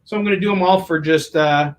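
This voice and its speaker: A man's voice: on the high side, fast talker. A man co-hosting a live shopping show, selling comic books with playful, jokey patter.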